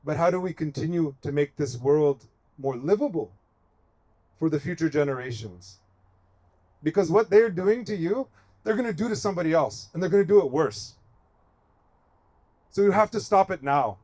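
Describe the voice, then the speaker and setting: This American activist at a protest encampment speaks with fairly high pitch, lively intonation and a darkish tone, at normal speed but pausing often. His impassioned speech builds through emphatic, repeated phrases in a strongly repetitive cadence.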